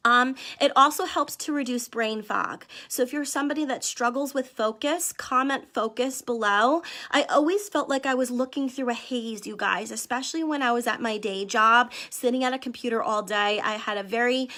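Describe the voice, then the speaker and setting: Bright, earnest woman vlogger pitching. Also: moderate pace, few pauses. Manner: earnest, addresses viewers as "you guys", reads out comments. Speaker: wellness vlogger selling supplements. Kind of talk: live-stream sales pitch to viewers.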